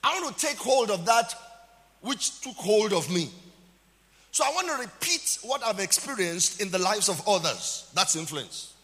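High, lively Nigerian preacher man. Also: unhurried, long reverb tail. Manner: preaching with dramatic emphasis and call-outs to the congregation. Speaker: pastor. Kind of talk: sermon.

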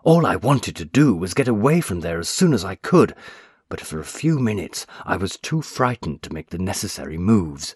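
A man narrating a story in a measured, expressive reading. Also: low-pitched, slightly rough, dry recording, clean studio sound. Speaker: audiobook narrator.

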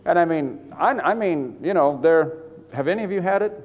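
Older male preacher, slightly high voice, rambling storyteller, long hall reverb. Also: moderate pace, muffled recording. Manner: storytelling, animated, rambling with restarts. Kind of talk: sermon testimony.

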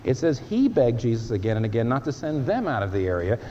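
A male preacher delivering a sermon with an emphatic, lively delivery, his pitch rising and falling widely. The recording is dull and lo-fi, with a faint hiss. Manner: emphatic, animated preaching with dramatic pauses.

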